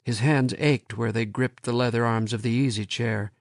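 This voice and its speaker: A man's voice: mid-range voice, steady tone, normal speed, creaky, dry recording. Man reading an audiobook, dry sound. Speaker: audiobook narrator. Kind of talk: scripted audiobook narration.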